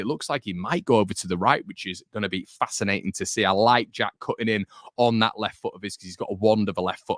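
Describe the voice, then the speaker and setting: A young man talks casually to camera about his football club, rambling and joking as he goes. His voice sits on the low side, and the recording is close and dry with no room sound. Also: fairly bright tone, no echo. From Northern England. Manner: chatty, jokey, rambling. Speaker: football fan channel host.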